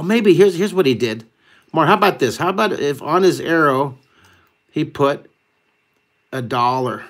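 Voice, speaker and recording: A man hosting a live online drawing lesson, talking excitedly and rambling as he draws and makes up a story. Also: mid-range voice.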